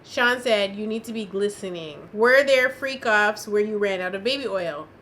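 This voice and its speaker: Woman commentator, bright forward voice, reads transcript lines with casual asides. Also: medium pitch, normal speed, slight background noise. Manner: reads testimony aloud with sassy asides. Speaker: commentator recapping a trial.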